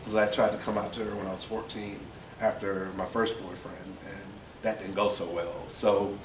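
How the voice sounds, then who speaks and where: A man's voice: lowish voice, little pitch movement, moderate pace. Candid young man telling a story. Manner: candid, rambling, with fillers. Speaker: interviewee. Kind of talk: personal storytelling. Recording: roomy, distant, noisy ambience.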